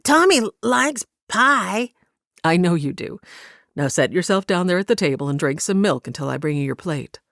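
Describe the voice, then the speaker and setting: A woman's voice: on the low side, animated, moderate pace, creaky, fairly bright tone, dry recording, studio quality. A woman narrator voicing an earnest, polite young man who addresses others with careful good manners.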